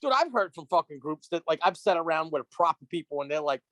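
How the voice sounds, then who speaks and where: A man telling a story on a casual podcast, animated and profane, acting out the dialogue. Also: a little high, fast talker, no echo. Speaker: guest.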